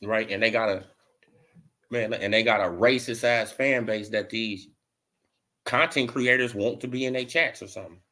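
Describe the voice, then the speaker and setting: At a normal speed and fairly low pitch, a man delivers a casual boxing rant as a commentary vlogger. He fills it with slang and fillers like "bro" and "you know," growing animated and mocking in the back half.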